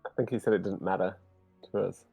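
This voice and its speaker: A man's voice: deep voice, fairly even intonation, fast talker, creaky, mellow, slightly rough, dry recording, highs cut off, soft background music. A man in casual chat as a player in a tabletop game, playful and joking.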